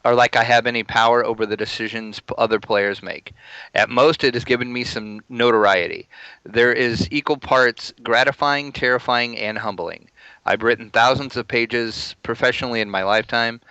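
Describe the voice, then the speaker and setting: A man's voice: on the low side, sharp tone, dry recording, dull audio. A man reading a listener's comment aloud on a podcast, with a wry, amused delivery.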